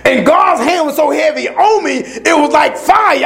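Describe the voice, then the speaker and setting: High-voiced man preaching with rising shouts. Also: expressive, measured pace, gravelly, crowd noise. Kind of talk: sermon.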